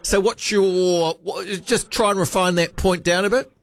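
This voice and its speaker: A man's voice: high voice, fairly even intonation, moderate pace, vocal fry, no room sound. A man with a New Zealand accent hosting late-night talkback radio, chatty and rambling, often correcting himself mid-sentence. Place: radio studio.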